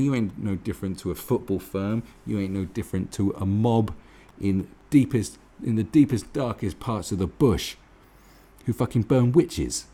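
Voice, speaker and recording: A man's voice: lowish voice, mellow. A man giving a profane, mocking commentary rant as host of his own channel. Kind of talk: ranting commentary.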